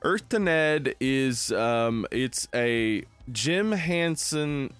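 A man's voice: mid-range voice, lively intonation, very slow, fairly bright tone, clear, resonant tone, no echo, faint music behind. A man from New Jersey co-hosting a casual movie chat podcast, rambling with fillers and laughing often. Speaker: podcast co-host.

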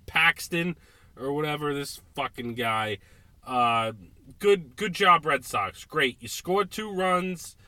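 Man, tipsy podcast host, casual rant, heavy swearing, loud exasperated outbursts, bright voice, dry close sound. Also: on the high side, no room sound. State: drinking beer, tipsy. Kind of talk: casual ranting sports podcast.

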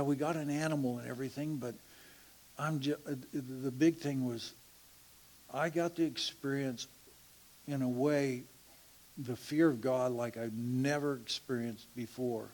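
A middle-aged man telling a church testimony in a slow, halting way, with laughs and hushed asides. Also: mid-range voice. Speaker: church member sharing a testimony.

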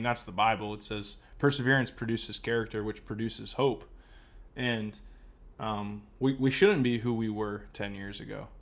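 A man's voice: fairly low pitch, fairly bright tone. A man co-hosting a casual faith podcast, talking in an easygoing, hesitant way with plenty of fillers. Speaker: podcast co-host.

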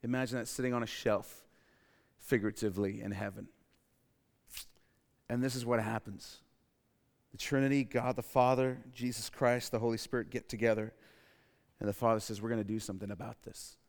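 A man preaching a sermon who swings between loud, emphatic stretches and hushed ones, and calls on the congregation to respond. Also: mid-range voice, fairly even intonation, normal speed, pauses often. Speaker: pastor. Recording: reverberant hall.

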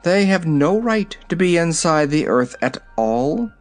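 A man's voice: on the high side, lively intonation, measured pace, soft background music, pitched above the performer's own voice. A man reading aloud, voicing a cold, haughty male vegetable prince in a formal, chilly way.

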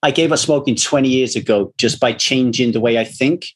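A man, a recovery coach, talking casually in a rambling way, swearing freely and telling animated stories. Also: mid-range voice, brisk, breathy edge. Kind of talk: casual conversation.

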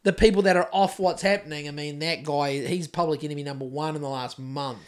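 A woman's voice: low-pitched, steady tone, brisk, a little mellow. A woman co-hosting a podcast, telling stories in a casual, ranting way and swearing a lot. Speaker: podcast co-host. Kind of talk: casual chat.

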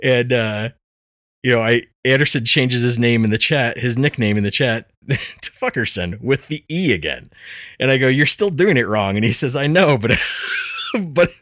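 Lively, laughing podcast host man. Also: medium pitch, normal speed, no echo, studio quality. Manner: storytelling, laughs often, excitable; profane. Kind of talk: casual chat.

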